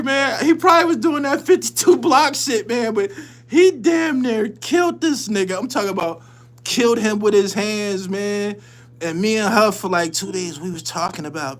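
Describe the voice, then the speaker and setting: A man's voice: high-pitched, lively intonation, moderate pace. A man hosting his channel, telling a story in casual, profane street slang and laughing often as he goes. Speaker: channel host.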